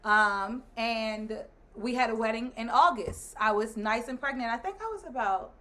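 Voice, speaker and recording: Speaking at a moderate pace with a fairly high pitch, this thirtysomething woman, a guest who is married to the host, shares a story in easy chat. She laughs and animatedly performs the lines of others.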